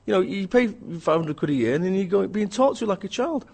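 High-voiced blunt man ranting. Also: animated, a little fast, vocal fry, a little mellow, slightly rough. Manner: emphatic, blunt and joking. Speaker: author and business speaker. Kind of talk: animated interview rant.

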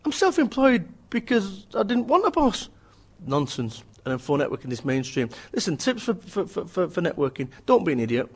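A man's voice: sits high, sing-song, normal speed, few pauses, slightly rough. A man, an author and business speaker, talking in a blunt, ranting way, often mimicking other people's voices. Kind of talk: energetic interview talk.

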